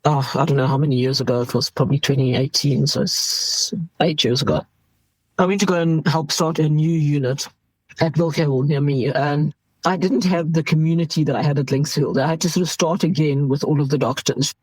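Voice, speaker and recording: Middle-aged South African woman, ER doctor guest; husky, candid, animated storyteller, dry close sound. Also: low voice, a little fast, no room sound, poor audio. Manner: animated, laughs while telling stories.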